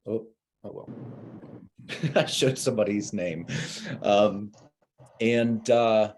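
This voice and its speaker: Man, low and warm, animated storyteller, slips into caller voices. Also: slow, a little hiss or hum. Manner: many fillers and restarts. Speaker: insurance agent guest. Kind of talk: casual webinar talk.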